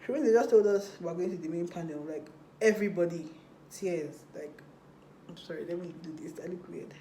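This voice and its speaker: A young woman telling a storytime vlog while doing her makeup, chatty and animated, acting out what people said. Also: fairly low pitch, a little fast, roomy sound, a little hiss or hum. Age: young adult. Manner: chatty, animated retelling with acted quotes. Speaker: vlogger.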